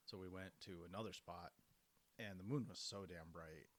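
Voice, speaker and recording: A man co-hosting a casual hunting podcast, telling stories in a steady, laid-back way with short agreeing replies. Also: low voice, moderate pace. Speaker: podcast co-host. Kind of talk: casual chat.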